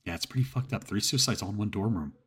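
A relaxed, chatty college guy who talks in a casual, offhand way, as a male storyteller puts him on. His voice is deep and husky. The lines come from a spoken horror story read aloud. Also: quick pace. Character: easygoing young male college junior.

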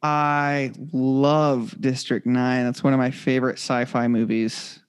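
Relaxed man in casual podcast chat. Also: mid-range voice, smooth. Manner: relaxed, halting with restarts. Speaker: podcast co-host.

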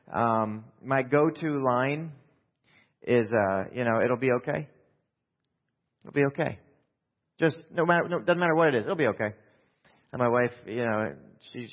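A middle-aged man gives a calm, understated sermon full of little fillers and restarts. His voice carries the long reverb of a big church hall. The recording has a slightly dull, lo-fi tone. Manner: calm, low-key, self-deprecating delivery with many fillers. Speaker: preacher. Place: church sanctuary during a service. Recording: echoey hall, dull lo-fi sound.

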